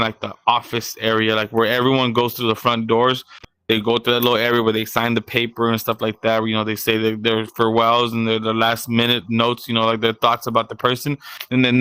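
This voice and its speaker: Bright, flat-voiced man co-hosting. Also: mid-range voice, clear, resonant tone, dry recording, low-quality recording. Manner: rambling, detailed storyteller. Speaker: podcast co-host. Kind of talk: casual chat.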